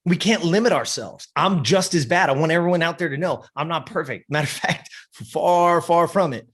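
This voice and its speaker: A man with a raspy, somewhat high voice holds forth as a podcast guest. His motivational talk is blunt, intense and full of swearing. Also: moderate pace, fairly bright tone.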